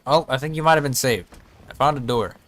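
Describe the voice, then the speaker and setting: A man's voice: mid-range voice, quick pace, fairly bright tone. A man giving casual, joking gameplay commentary, often talking to himself as he plays. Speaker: streamer.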